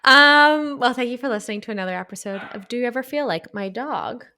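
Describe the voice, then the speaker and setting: Chatty woman podcast co-host, bit high. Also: fast talker, sharp tone, smooth. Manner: rambling, laughing, self-mocking. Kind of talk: casual chat.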